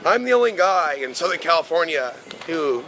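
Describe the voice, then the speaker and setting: A man's voice: fairly high pitch, very animated, moderate pace. A man in his thirties filming a walking-tour vlog on a camera, talking to it in a rambling, casual way as he walks outdoors. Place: outdoors on city streets. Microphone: handheld camera mic. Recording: outdoor city noise. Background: street traffic noise.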